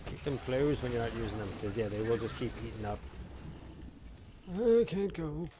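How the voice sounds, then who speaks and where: A man's voice: on the low side, steady tone, fast, background noise. Rambling man streaming a shooter game. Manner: rambling, jokey, shouts in bursts when mocking. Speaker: gaming streamer. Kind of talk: casual live-stream chat while playing. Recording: game gunfire audible in background. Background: game gunfire and explosions.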